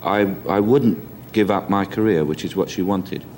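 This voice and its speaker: A man with a Cockney accent, reflecting in an interview and pausing with many ums. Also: low-pitched, a little mellow, slight background noise. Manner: hesitant, many ums and restarts. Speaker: interview guest.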